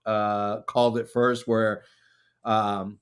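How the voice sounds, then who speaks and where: A man hosting a casual chat show, rambling along with many filler pauses. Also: on the low side, level tone, clear, resonant tone. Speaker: podcast host.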